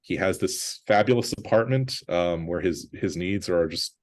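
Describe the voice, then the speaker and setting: A man's voice: sits low, moderate pace, a little mellow. A man who is a guest film critic, talking through a movie in thoughtful conversational analysis, restarting sentences often. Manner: thoughtful, many restarts, quotes characters in a lighter voice.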